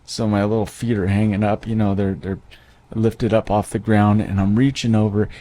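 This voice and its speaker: A man's voice: on the low side, level tone, moderate pace, mellow, a little hiss or hum. A man in his thirties telling a personal story to an audience in a conversational way, with many fillers and restarts. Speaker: speaker.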